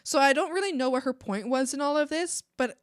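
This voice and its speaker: A woman's voice: sits high, animated, fairly quick, no echo, clean studio sound. A young woman streaming while she draws, chatting casually in a rambling, emphatic way with many fillers and restarts. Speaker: art streamer. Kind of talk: casual chat while drawing.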